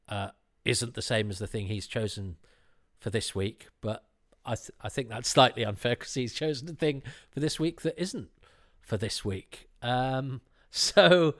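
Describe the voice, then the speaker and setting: A man hosting a podcast, talking in a rambling, self-deprecating way with many restarts. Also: mid-range voice. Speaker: podcast host. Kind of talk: casual chat.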